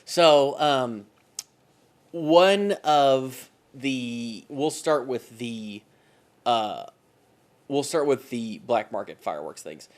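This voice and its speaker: A tired man co-hosting a podcast, talking casually in a halting way with many restarts and fillers. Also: mid-range voice, animated. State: tired, yawning. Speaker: podcast co-host.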